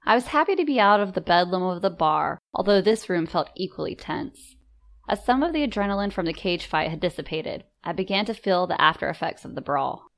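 A woman reading a story aloud in measured, composed first-person narration. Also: lowish voice, expressive. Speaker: audiobook narrator.

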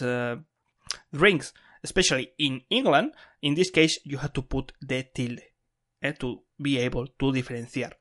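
A man hosting a beginner Spanish podcast, explaining grammar in a lively, emphatic way and repeating key words for stress. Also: mid-range voice. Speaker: Spanish teacher and podcast host. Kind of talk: bilingual language lesson.

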